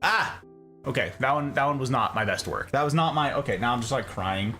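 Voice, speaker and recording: A man's voice: mid-range voice, lively intonation, a little fast, sharp tone, faint music behind. A man hosting a live stream in casual chat, playfully greeting viewers and reading chat aloud. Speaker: streamer host.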